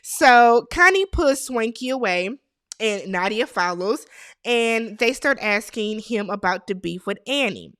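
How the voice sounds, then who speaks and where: A woman's voice: on the high side, animated, unhurried, fairly bright tone, dry recording, studio quality. A woman hosting a casual, gossipy TV recap, talking straight to her viewers with strong opinions. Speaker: TV show recap host.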